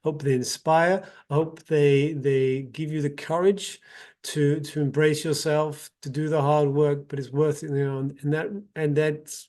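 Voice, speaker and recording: A man's voice: a little high, level tone, measured pace, darkish tone. A man giving an earnest motivational talk as a self-development practitioner, telling a parable with frequent restarts and repeated words.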